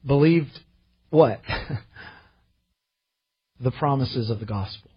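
A male pastor preaching a sermon, impassioned and slowing down to stress the scripture he reads, heard in a church. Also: mid-range voice, slightly rough, highs cut off. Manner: impassioned, slows to emphasize scripture.

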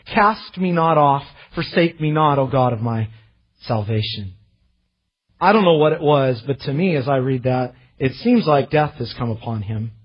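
Earnest husky pastor preaching a sermon. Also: male voice, mid-range voice, expressive, moderate pace, highs cut off. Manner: earnest, swings from loud pleading to quiet. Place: church.

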